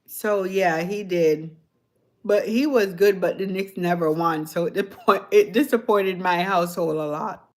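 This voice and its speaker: Speaking at a measured pace in a lowish voice, this woman hosts a livestream with a light Jamaican accent. She chats loosely with viewers, frequently chuckling and putting questions to them.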